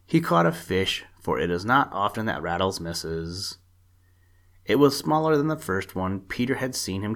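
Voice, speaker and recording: A man narrating a children's animal story for a reading podcast, steady and measured. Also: lowish voice.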